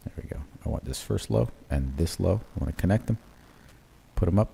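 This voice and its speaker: Brisk and deep with a creaky quality, this man hosts a live crypto trading stream, with slight background noise in the clip. He marks up charts while thinking aloud in a relaxed, self-correcting way, using many fillers and "right?" tags.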